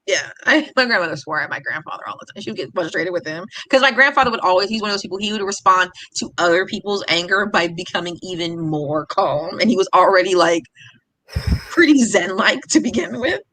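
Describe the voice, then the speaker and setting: Bright, chatty woman guest. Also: on the low side, expressive, fairly quick, no echo, poor audio. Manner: laughing, chatty storyteller. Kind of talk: casual chat on a live stream.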